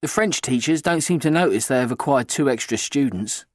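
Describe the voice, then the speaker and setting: A man reading a children's novel aloud in the first person, in an even storytelling manner. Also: medium pitch, a little fast, dry recording, clean studio sound. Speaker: audiobook narrator. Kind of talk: scripted first-person narration.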